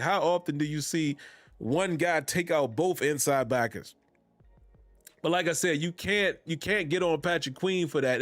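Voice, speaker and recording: A man's voice: fairly high pitch, fairly bright tone, no echo. A man hosting a sports fan podcast, talking casually with easygoing slang and frequent laughs. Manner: laid-back Southern-tinged slang, laughs often. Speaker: podcast host.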